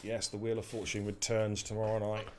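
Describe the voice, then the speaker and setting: A man's voice: fairly low pitch, a little fast, crowd noise. A man hosting a live esports racing stream, joking, swearing and bantering while commentating. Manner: jokey, swears freely, energetic.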